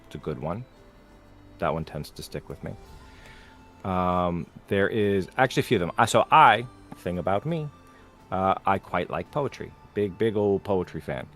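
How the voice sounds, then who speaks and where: A man's voice: low-pitched, normal speed, faint music behind. A man from New England, with only a faint trace of that accent, telling stories and answering questions in a casual livestream chat. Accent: faint New England, mostly neutral. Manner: animated storyteller, acts out quotes. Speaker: host.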